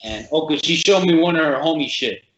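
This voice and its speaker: A man's voice: a little high, fairly quick, reverberant, muffled recording, slight background noise. Rambling profane man telling a story. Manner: rambling, profane, animated storytelling with quoted voices. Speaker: fight coach. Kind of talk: casual storytelling chat.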